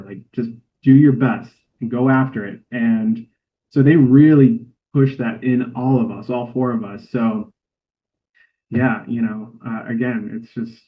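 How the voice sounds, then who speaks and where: Earnest man on a tinny line. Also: mid-range voice. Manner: earnest, heartfelt storytelling. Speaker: cinematographer guest. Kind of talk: casual interview chat.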